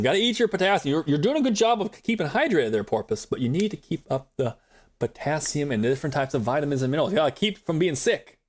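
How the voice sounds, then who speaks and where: A young man chatting rambly to his viewers while playing a game live, talking into a desk mic. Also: on the high side. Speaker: streamer. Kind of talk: live gameplay commentary.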